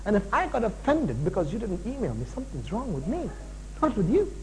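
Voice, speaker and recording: Guy pastor preaching, jokey asides, big swoopy pitch, light hum in the back. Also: a little fast, rough recording. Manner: animated preaching with asides and jokes. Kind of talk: sermon.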